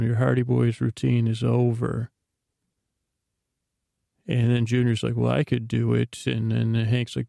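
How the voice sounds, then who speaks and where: A man's voice: medium pitch, creaky, mellow, no room sound, studio quality. A man hosting a sleep podcast, retelling a TV episode in a meandering bedtime ramble full of restarts and asides. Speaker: podcast host.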